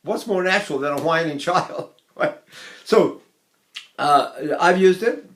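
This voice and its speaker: An older man teaching singing technique, talking in an animated way with chuckling asides. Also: high-pitched, a little slow. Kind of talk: singing lesson lecture.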